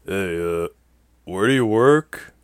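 A man's voice: low-pitched, expressive, slow pace, clean tone, no echo, clean studio sound. A man voicing a groggy, hungover young man who talks sleepily with a slur. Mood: drowsy. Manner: sleepy, slurred.

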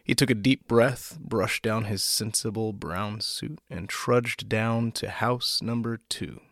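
Man, low voice, podcast host, storytelling narration, dry close recording. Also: slow pace, vocal fry, no room sound. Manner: relaxed, self-deprecating asides. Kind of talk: reading a short story aloud.

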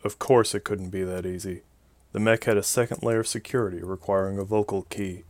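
A man narrating a science-fiction novel in a steady, even storytelling delivery. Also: deep voice, a little fast, no room sound. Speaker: audiobook narrator. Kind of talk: scripted narration.

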